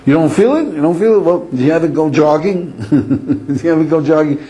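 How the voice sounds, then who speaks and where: Brief: male rabbi-lecturer, warm mellow tone, lively storytelling that voices characters, frequent chuckles. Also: a little high, brisk, low-quality recording. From Israel. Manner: animated storytelling, acts out inner voices, chuckles often. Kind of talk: Torah lecture to an audience.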